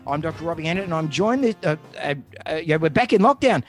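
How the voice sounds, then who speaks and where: A man's voice: a little high, lively intonation, fast, faint music behind. An Australian man hosting a casual podcast from home, joking and rambling with many restarts. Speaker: podcast host. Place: home, remote call.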